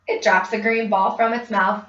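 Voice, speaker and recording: A woman clinician speaking slowly and distinctly, giving prompts for a child to repeat and then narrating. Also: medium pitch, fairly even intonation, a bit bright. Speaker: speech clinician giving a test. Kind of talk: slow, clear test prompts and narration. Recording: muffled, distant lo-fi recording.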